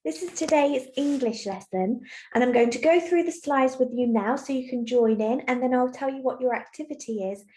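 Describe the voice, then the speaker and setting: Teacher, female, fairly high voice, patient and clear with young kids, recorded on a computer mic in an echoey room. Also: moderate pace, a little mellow. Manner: clear, patient, encouraging explanation. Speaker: primary school teacher. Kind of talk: recorded online lesson for young children. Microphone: computer mic while screen sharing.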